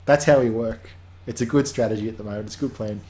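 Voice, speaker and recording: A man's voice: lowish voice, quick pace, mellow. A man hosting a weekly game update, talking casually in a rambling way that drifts off on tangents and restarts often.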